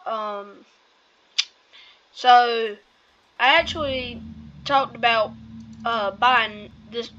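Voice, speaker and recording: A woman vlogging outdoors by a truck and trailer, rambling and halting with many fillers while she has the hiccups. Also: fairly high pitch, fairly bright tone, highs cut off. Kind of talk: casual vlog narration.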